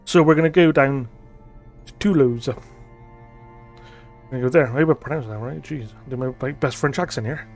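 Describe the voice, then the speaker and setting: A man's voice: medium pitch, quick pace, hardly any pauses, faint music behind. A man giving thinking-aloud commentary as he plays a digital board game, reading card text aloud and musing with frequent ums.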